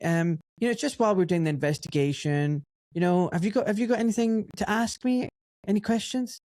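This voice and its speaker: Man doing a smooth, overly courteous male hospital director, pitched way up, dry sound. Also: brisk, darkish tone, no room sound, natural voice. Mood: breezy.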